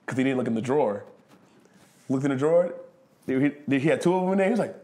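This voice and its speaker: A man's voice: mid-range voice, a little fast, long pauses. A man being interviewed, telling a backstage story in slangy casual speech, swearing freely and acting out what others said. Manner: animated storyteller who acts out quotes loudly. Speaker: wrestler and guest.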